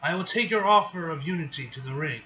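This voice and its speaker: A man reading the lines of a stern warrior leader in a grave, halting manner. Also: a little high, lively intonation, bright, forceful tone. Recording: dull lo-fi with faint hiss.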